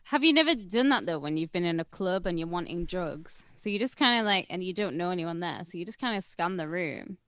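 A woman's voice: fairly low pitch, animated, fairly quick, hardly any pauses, bright, forceful tone, no echo. A British woman co-hosting a podcast, chatting in a cheeky, blunt, teasing way. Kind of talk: casual chat.

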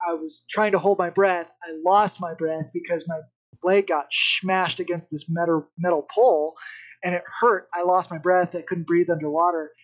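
A young man, a podcast guest, telling a story in a casual, animated way. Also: sits high, normal speed. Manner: animated, vivid retelling with acted-out quotes.

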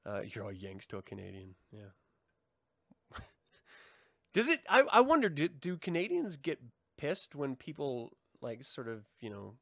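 A man's voice: medium pitch, gravelly, dry recording. Guy riffing with his stream chat, laughs a lot and swears, dead dry sound. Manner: joking, laughs often, swears. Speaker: livestream host. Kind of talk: casual chat with live viewers.

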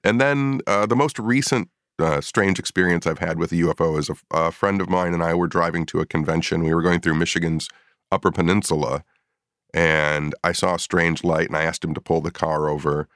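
A man's voice: sits low, fairly quick, fairly bright tone, no room sound, clean studio sound. A middle-aged man and paranormal investigator telling a story in a casual podcast chat, acting out his own past reactions.

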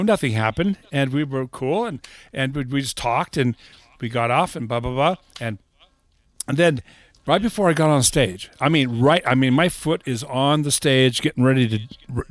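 A man, a touring drummer and podcast guest, telling animated anecdotes and acting out the voices of the people in them. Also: mid-range voice, no room sound. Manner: animated anecdote teller, acts out the voices in his stories. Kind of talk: casual storytelling chat.

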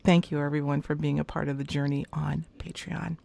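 A woman's voice: sits low, level tone, a little fast, creaky, dark tone. A woman hosting a casual chat show, effusive and emotional as she thanks her guest and supporters. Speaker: host.

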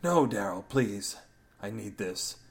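A man's voice: fairly low pitch, lively intonation, slow. A man voicing a clingy, anxious young man who pleads and whines. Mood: needy. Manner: pleading, whiny.

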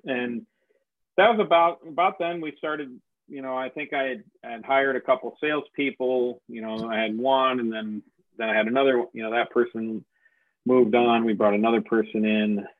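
A man's voice: medium pitch, fairly even intonation, moderate pace, no room sound. Man telling a story over a tinny line. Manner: rambling, many fillers and restarts, self-deprecating laughs. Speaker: franchise owner telling his business story. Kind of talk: casual conversational storytelling. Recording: dry, tinny phone-like audio.

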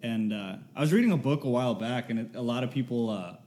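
A man's voice: medium pitch, quick pace, dark tone. Easygoing man musing on a podcast. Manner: thoughtful, quotes sayings, laughs easily. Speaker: podcast co-host. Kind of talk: casual chat.

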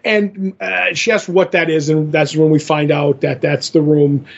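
A man's voice: on the high side, steady tone, a little slow, creaky. Man casually recapping a comic, lo-fi. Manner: rambling retelling, acting out quotes. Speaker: podcast co-host. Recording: dull lo-fi podcast audio.

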